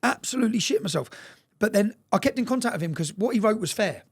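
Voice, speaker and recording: A man speaks fast in a high, expressive voice with a breathy edge. As an interview guest telling his story, he swears often, stays emphatic, and checks in with "yeah?"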